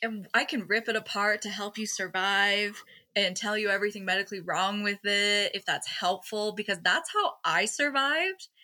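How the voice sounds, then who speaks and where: A woman in casual podcast chat, blunt and animated, laughing often. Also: medium pitch, moderate pace. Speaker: co-host.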